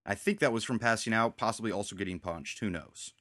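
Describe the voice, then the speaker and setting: A man's voice: on the low side, fast talker, sharp tone, no echo, studio quality. A man hosting a casual chat, rambling as he recaps TV scenes and quotes the characters' lines. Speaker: podcast host.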